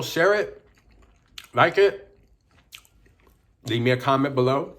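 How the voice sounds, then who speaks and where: A man vlogging casually while eating a sandwich, chewing as he talks and mixing Spanish phrases into his English. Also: medium pitch. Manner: eats and chews while talking. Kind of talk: casual mukbang vlog.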